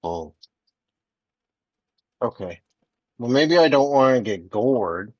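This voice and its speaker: A man's voice: medium pitch, expressive, slow, dry recording. A man playing a naive, rambling character in a tabletop game. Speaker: player. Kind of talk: tabletop role-play, in character. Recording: dull lo-fi mic.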